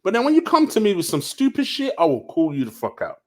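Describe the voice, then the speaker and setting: Give me a sarcastic man venting in a vlog rant, lively pitch and fiery. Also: fast. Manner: heated, profane, sarcastic. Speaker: football vlogger. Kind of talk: late-night vlog rant.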